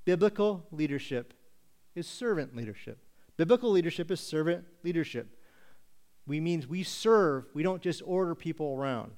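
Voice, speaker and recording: A male pastor preaching a sermon with emphatic, deliberate rhetorical questions. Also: fairly high pitch, animated, darkish tone.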